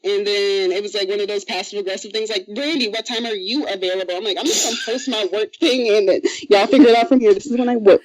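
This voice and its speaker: A podcast co-host in casual chat, telling a story in a lively, profane way and quickly mimicking other people. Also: mid-range voice, a crowd in the background, rough recording.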